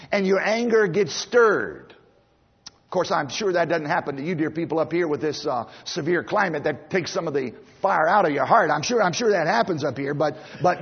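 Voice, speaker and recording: Man, middle-aged, preacher, sermon, emphatic, rather high and very raspy, echoing sanctuary. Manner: emphatic, repeats phrases, swings between loud and hushed. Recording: long hall reverb, dull lo-fi sound.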